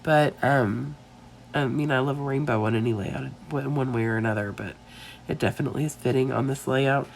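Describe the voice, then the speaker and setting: A woman with a low, mellow voice talks through her craft project in a loose, rambling voiceover. She sounds stuffy-nosed and worn out from a late night, and drifts into apologetic asides and small laughs. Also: brisk, vocal fry, slight background noise. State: congested from a sinus infection. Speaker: scrapbooking video creator. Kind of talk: casual voiceover narration of a craft process.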